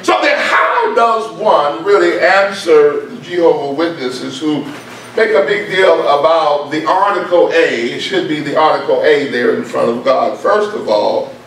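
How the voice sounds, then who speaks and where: A man's voice: fairly high pitch, unhurried, a bit bright, a little hiss or hum. A man preaching a sermon, emphatic and repeating key points for stress, heard in a church. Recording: very echoey room, mic far off.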